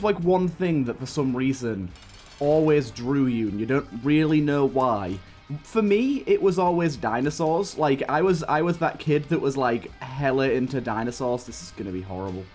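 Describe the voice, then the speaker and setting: A man's voice: on the high side, darkish tone. A young man hosting a gaming channel, rambling through a childhood story while grumbling at his run. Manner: rambling storytelling broken by frustrated outbursts at the game. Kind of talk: gaming commentary. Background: faint game music.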